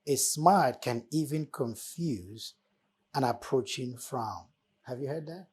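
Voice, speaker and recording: A man's voice: mid-range voice, lively intonation, a little slow, a little mellow, breathy edge. A man hosting a motivational talk, preaching life lessons with emphatic, repeated phrases. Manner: preacherly, repeating key words with emphatic swells. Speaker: host.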